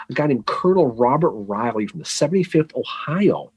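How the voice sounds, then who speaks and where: A man co-hosting a casual history podcast, telling events as a lively story, acting out quotes and teasing his co-host. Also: on the high side, a little fast, few pauses, breathy edge, no echo.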